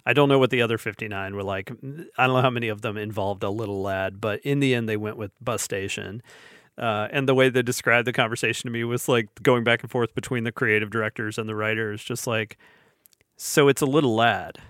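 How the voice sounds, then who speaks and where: A man's voice: fairly low pitch, fairly even intonation, quick pace, fairly bright tone, smooth, no echo, studio quality. A man hosting a podcast, telling a story in casual chat, laughing often and acting out quoted voices. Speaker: podcast host.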